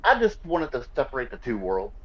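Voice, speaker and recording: A man as a podcast guest in casual chat, speaking haltingly and stammering at times. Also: medium pitch, wildly swooping pitch, a bit bright, lo-fi sound. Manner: halting, stammers when unsure.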